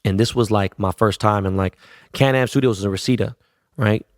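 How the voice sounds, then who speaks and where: A man from Los Angeles, a podcast host telling stories in a profane, slangy, animated way. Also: on the low side, brisk, no echo, clean studio sound. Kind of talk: casual storytelling.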